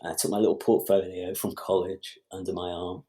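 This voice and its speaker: A man's voice: deep voice, brisk. A middle-aged man, a film director and podcast guest, telling a long anecdote and acting out other people's lines as he goes. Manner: lively storyteller who acts out other people's lines. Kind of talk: anecdotal storytelling in conversation.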